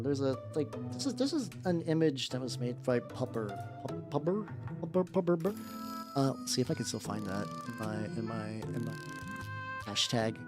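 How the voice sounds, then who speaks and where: A man's voice: fairly high pitch, a little mellow. A man chatting casually while painting miniatures on stream, rambling, repeating words and swearing. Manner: talks to chat while painting. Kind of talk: casual livestream chat. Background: faint background music.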